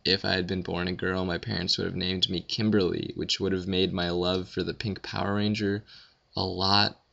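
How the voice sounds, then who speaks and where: A young man rambling through listener questions in a casual audio Q&A, with deadpan self-deprecating jokes. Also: low voice, normal speed, gravelly, muffled recording. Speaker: vlogger answering questions.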